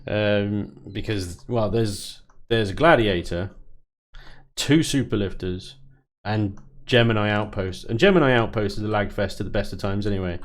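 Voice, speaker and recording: A man's voice: lowish voice, moderate pace. A man hosting a game stream in casual chat, joking and enthusiastic. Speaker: stream host.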